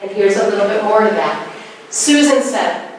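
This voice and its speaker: A woman in her forties giving a spiritual talk, telling stories in a lively way and acting out quoted lines. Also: mid-range voice, normal speed. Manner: animated storytelling with acted quotes. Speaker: spiritual speaker. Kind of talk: conversational talk. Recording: echoey room, distant mic, faint noise.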